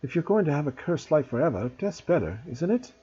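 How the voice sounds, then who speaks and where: A man's voice: fairly high pitch, big pitch swings, fairly quick, warm tone, slightly rough, highs cut off. A man doing a puzzled young schoolboy. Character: startled young schoolboy wizard.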